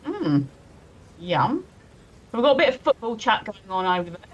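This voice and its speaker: A woman's voice: mid-range voice, very animated, moderate pace, muffled recording. A woman co-hosting a casual live stream, giggling often as she reads viewers' messages aloud. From England. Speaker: stream co-host.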